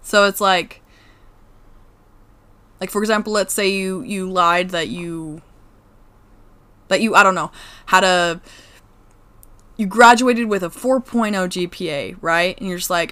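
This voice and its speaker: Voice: medium pitch, measured pace, long pauses, bright, forceful tone, smooth. Playful, teasing podcast co-host. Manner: teasing, playful, says "like" often. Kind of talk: casual chat.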